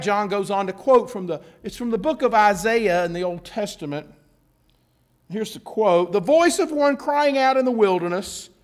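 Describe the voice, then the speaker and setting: A man with a strikingly high voice preaching a sermon. He leans on key words, slows down to stress them and repeats phrases for weight, then slips into relaxed, chatty asides. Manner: earnest, with drawn-out emphasis and repeated phrases; informal asides with a self-correcting laugh. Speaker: pastor.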